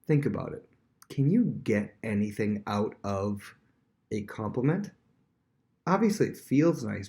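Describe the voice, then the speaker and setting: A man talks through a Bible lesson in a loose, conversational way. He circles back, restarts his sentences and reaches for everyday examples. His voice sits at an ordinary middle pitch for a man. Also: gravelly, dark tone. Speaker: Bible teacher; worship leader. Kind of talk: casual video Bible lesson.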